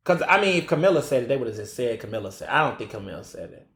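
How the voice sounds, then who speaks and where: A man hosting a solo podcast, telling stories in an animated way and acting out his own exclamations. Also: medium pitch, racing, echoey room. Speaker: podcast host.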